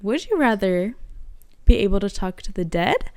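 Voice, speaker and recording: Young woman, playful, jokey, smooth clear voice, casual chat. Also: mid-range voice, sing-song, moderate pace, darkish tone, no room sound, clean studio sound. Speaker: co-host. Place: at home.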